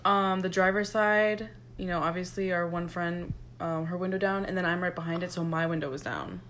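A young woman co-hosting a podcast in casual chat, laughing often and backing up the story with quick agreement. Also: lowish voice, fairly even intonation, a bit bright, slight background noise. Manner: chatty, laughing, backs up the story with frequent mm-hmms.

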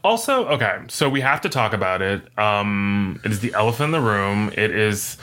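Jokey guy cohosting a podcast, bright forceful voice, bounces around a lot. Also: moderate pace. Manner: animated, jokey, pitch jumps for quoted voices. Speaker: podcast co-host. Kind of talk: casual chat.

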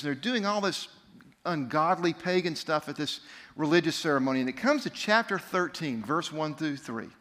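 Male preacher, a little high-pitched, casual storyteller who slips into the voices of the people he quotes. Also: fairly bright tone. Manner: conversational retelling, briefly voicing the people in the story; reads scripture aloud with emphasis. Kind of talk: sermon storytelling.

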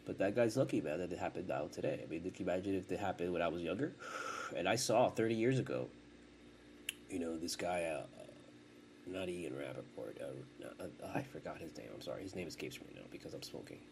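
40s guy on a podcast, lowish voice, swears a ton, rambles and trips over himself, bit of faint hiss. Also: expressive, fairly quick, creaky, darkish tone. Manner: profane, rambling, self-interrupting. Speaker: podcast host. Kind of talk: casual rambling chat.

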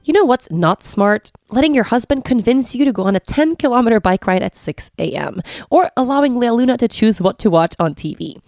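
A woman's voice: a little high, darkish tone, no room sound, studio quality. A woman podcast host reading a sponsor advertisement in an upbeat, scripted way.

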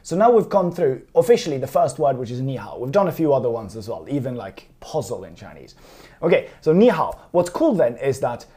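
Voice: medium pitch, sing-song, a little fast, dark tone. A teacher giving a casual spoken lesson, chatty and digressive, laughing easily. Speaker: language teacher.

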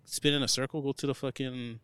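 A man's voice: medium pitch, flat delivery, fairly quick, a bit bright, clear, resonant tone, no echo. A young man co-hosting a casual chat in a laid-back, teasing and slangy way. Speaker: podcast co-host.

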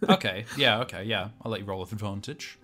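Bright-voiced man running a tabletop game. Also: lowish voice. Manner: casual, halting, with many fillers. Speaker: game master.

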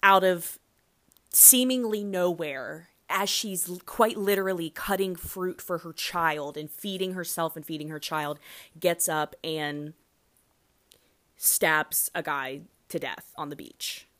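A woman in her thirties chats through her own podcast episode, rambling and restarting her sentences and leaning on fillers. Her voice sits a little low for a woman, and it jumps now and then into loud, animated outbursts. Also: takes it slowly. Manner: rambling, chatty, lots of fillers and self-corrections; animated swings into loud excited bursts. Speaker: podcast host. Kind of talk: casual solo podcast chat.

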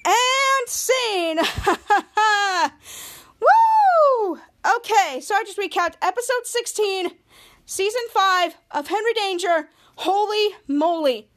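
A woman hosting a podcast, recapping a TV episode in a casual, excited way and acting out the characters' lines. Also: extremely high pitch. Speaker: podcast host.

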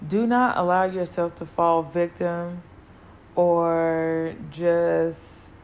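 A woman's voice: on the low side, vocal fry, a little mellow, a little hiss or hum. A woman hosting her own podcast, talking casually and earnestly, repeating key words to encourage her listeners. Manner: loose and conversational with filler words. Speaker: podcast host. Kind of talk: casual solo podcast talk.

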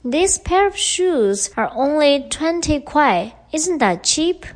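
Young woman teaching on a podcast, fairly high voice, lots of ups and downs, explains stuff clearly. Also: sing-song, slow. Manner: clear explaining, switching between English and Mandarin. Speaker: podcast host and Chinese teacher. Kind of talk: podcast language lesson.

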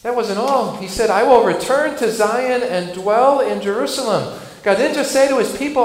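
A man preaching a sermon, earnest, rising loud and dropping soft for emphasis. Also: very high voice, moderate pace. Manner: earnest, builds and drops volume for emphasis. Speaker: pastor. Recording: echoey hall with faint noise.

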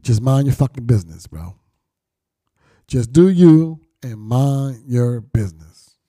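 A man's voice: mid-range voice, lively intonation, slow pace, warm tone, dry recording, clean studio sound. A middle-aged man telling his life story candidly, blunt and profane, with street slang and reflective turns. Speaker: storyteller recounting his past.

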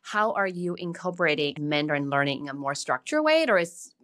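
A woman co-hosting a casual interview, asking measured, curious questions. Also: low-pitched, big pitch swings, a bit bright. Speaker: co-host.

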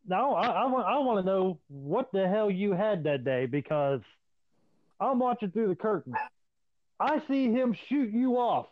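High-pitched, foul-mouthed man on a tinny line. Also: a little slow, no echo. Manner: profane, animated storytelling. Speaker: podcast host. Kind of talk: casual storytelling chat. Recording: dry, tinny phone-like line.

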